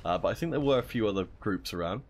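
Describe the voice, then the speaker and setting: This young esports caster talks fast in a lowish, slightly mellow voice with lively intonation. Commentating a mobile shooter tournament on his own, he chats with viewers between plays.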